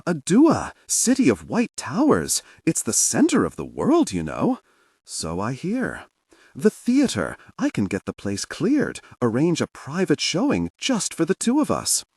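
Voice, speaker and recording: A man's voice: fairly low pitch, big pitch swings, measured pace, no echo, clean studio sound. A man voicing an eager, self-deprecating young crown prince in an audiobook.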